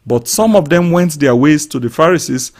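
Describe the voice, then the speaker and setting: A pastor delivering a live-streamed sermon, swinging from quiet scripture reading to loud, fervent shouting and praying aloud over his listeners. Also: fairly high pitch, animated, moderate pace. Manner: speaks in tongues and prays aloud over listeners.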